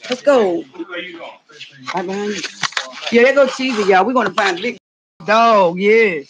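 A woman's voice: mid-range voice, measured pace, a little hiss or hum, rough recording. A woman hosting a comedic outdoor vlog in the cold, fretting aloud and calling out for her missing dog. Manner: excitable, frets aloud, calls out a dog's name. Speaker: channel host.

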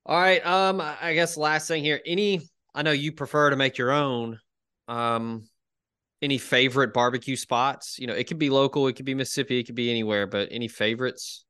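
A man's voice: medium pitch, steady tone, fairly quick, pushed and bright, clean tone, no room sound, studio quality. A man hosting a casual sports podcast, agreeing along and steering the talk to the next topic. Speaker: podcast host.

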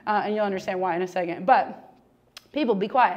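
A woman's voice: medium pitch, fairly quick, a little mellow. A woman teaching a humorous, chatty Bible lesson, joking and laughing often.

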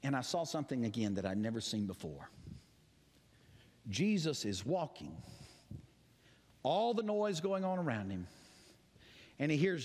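A man preaching a sermon as pastor, telling stories dramatically, swinging between loud cries and quiet asides. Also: mid-range voice, very animated, unhurried, long pauses. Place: church sanctuary. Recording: long church hall reverb.

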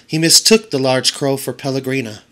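A man's voice: medium pitch, moderate pace, a bit bright. A man, a teacher, narrating a children's audiobook aloud for his students.

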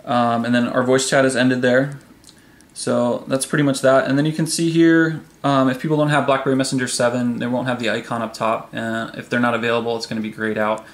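A man hosting a casual tech video, demonstrating a phone app in a relaxed, chatty way with frequent ums. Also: mid-range voice, brisk. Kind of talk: casual product demo. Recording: echoey room.

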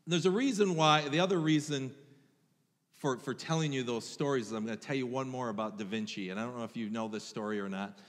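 A man's voice: medium pitch, fairly bright tone. Pastor guy chatting from the pulpit, mid voice, long echo in the hall. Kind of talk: sermon and banter. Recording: reverberant church hall.

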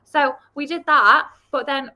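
A woman's voice: high voice, a little slow, bright, forceful tone. A young woman in her early twenties from Liverpool, chatting casually on a video call, giggly and full of "like"s. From Liverpool, England. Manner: giggly, chatty, answers with many "like"s. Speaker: guest. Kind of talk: casual chat.

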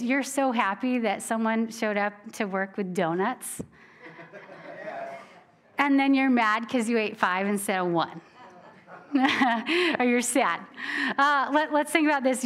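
A woman preacher giving a church sermon in a conversational, animated way, often laughing between points. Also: a little high.

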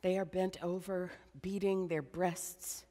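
A woman preaching a sermon as a slow, dramatic guided meditation, dropping to a hush at times. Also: lowish voice, little pitch movement, big-room sound. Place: church.

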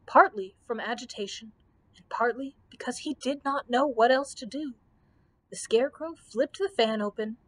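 A woman librarian reading a children's storybook aloud in an expressive way. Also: a little high, poor audio.

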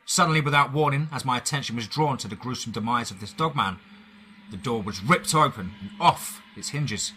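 A man with an English accent narrating a first-person horror story dramatically, with pauses and shifting loudness. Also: mid-range voice, a little hiss or hum.

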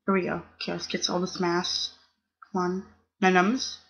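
A woman's voice: on the low side, monotone, normal speed, gravelly. A young woman hosting her gaming channel, chatting casually as she plays and scolding the other players with strings of "no". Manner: chatty, talks to the game's other players, squeals "no". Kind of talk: casual gameplay commentary.

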